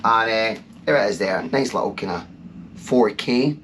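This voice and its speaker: A man's voice: fairly low pitch, animated, normal speed, fairly bright tone. A Scottish man chatting to camera in a casual vlog, enthusiastic and rambling with plenty of fillers. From Scotland. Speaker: vlogger. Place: out and about, then indoors in a cabin. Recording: noisy background.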